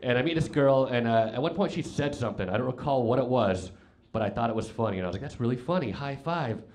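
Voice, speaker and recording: A young man performing stand-up comedy at a club on a handheld mic, rambling through a story with lots of fillers and sudden loud outbursts. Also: mid-range voice, fast. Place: comedy club stage with audience laughter.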